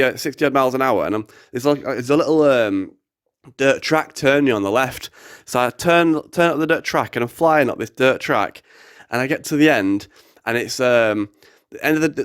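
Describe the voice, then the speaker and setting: A young man telling a story casually, animated, swearing and acting out the quotes. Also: mid-range voice, clean tone, no echo, studio quality.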